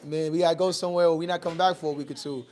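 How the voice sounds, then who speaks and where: A man with a high voice hosts a loose talk session, blunt, teasing and profane in his questions. A crowd murmurs behind him. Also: fairly even intonation, racing. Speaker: podcast host. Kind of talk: casual chat.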